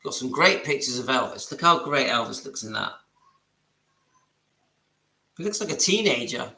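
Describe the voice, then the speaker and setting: A man hosting a casual reaction video, chatty and enthusiastic, calling his viewers guys as he pauses a clip to comment. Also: medium pitch, sing-song, sharp tone, reverberant. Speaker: channel host reacting to a video.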